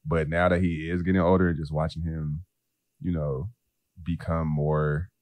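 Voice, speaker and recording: A man's voice: very deep voice, little pitch movement, normal speed, darkish tone, no room sound. A man in his thirties co-hosting a podcast in casual chat, laughing often and joking. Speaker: podcast co-host.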